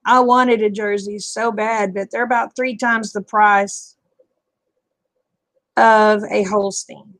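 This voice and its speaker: Folksy Southern woman with a gravelly edge. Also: mid-range voice, fairly even intonation, slow pace, a bit bright. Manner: folksy, chatty, reading and answering viewer comments. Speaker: livestream host. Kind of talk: casual chat with viewers.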